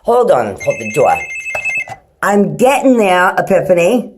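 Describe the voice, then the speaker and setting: Speaking into a hand-held phone at home, a middle-aged woman rambles casually to camera, cursing freely and talking to her pets. Her voice sits on the low side with a darkish tone, very animated but delivered at a measured pace.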